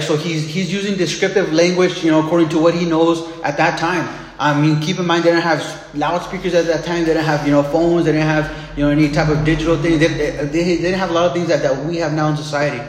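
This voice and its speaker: A man's voice: fairly high pitch, echoey room, big-room sound, poor audio. A man preaching a sermon in a casual, conversational way, repeating words and restarting as he explains scripture.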